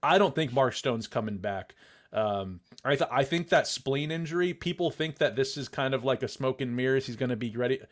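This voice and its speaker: A man's voice: mid-range voice, animated, brisk. A man co-hosting a sports podcast, chatting easily, laughing often and restarting his sentences. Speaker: podcast co-host. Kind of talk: casual hockey chat.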